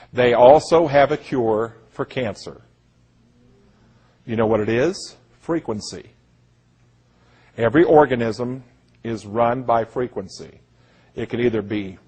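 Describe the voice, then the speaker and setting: Husky-voiced man, earnest preaching monologue, mid-range pitch. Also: darkish tone. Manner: earnest, repeats "listen to me", quotes others in voices. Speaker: speaker giving a presentation. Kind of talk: impassioned monologue, storytelling.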